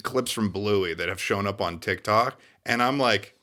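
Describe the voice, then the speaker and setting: A man's voice: lowish voice, unhurried, bright, forceful tone. A man as a podcast guest in casual chat, jokey and rambling with restarts.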